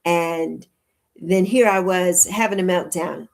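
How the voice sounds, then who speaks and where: A woman in her early sixties hosting a casual livestream, chatting warmly and repeating her phrases as she answers viewers' comments. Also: lowish voice, steady tone, slow. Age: 60s. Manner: warm, chatty, repeats phrases, laughs often. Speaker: livestream host.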